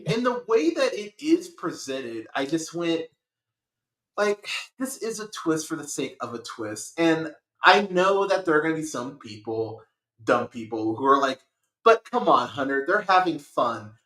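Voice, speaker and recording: A man with a high, bright and forceful voice rants through a movie review, swearing freely and building up steam. His podcast chat rings in a roomy, echoey space. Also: measured pace. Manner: animated, profane, ranting. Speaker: podcast host.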